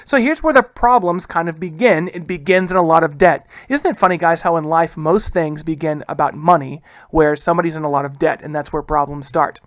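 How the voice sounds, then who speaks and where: In a casual classroom lecture, a man teaches history in a chatty way, often saying "guys" and posing rhetorical questions. His voice is fairly high and a bit bright, recorded dry, and he acts out historical figures in quick quoted asides.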